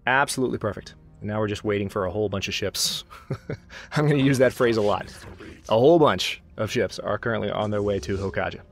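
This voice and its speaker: A let's play host with a fairly low, gravelly voice comments casually and quickly on his strategy game as he plays. He chats to his own units and makes self-mocking asides.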